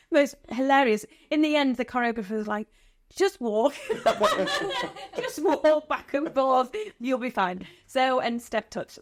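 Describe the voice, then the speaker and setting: A chatty British woman talks casually in a dry, close studio sound. She rambles along and laughs often, with a mid-pitched voice. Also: no room sound. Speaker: guest singer. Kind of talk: casual interview chat.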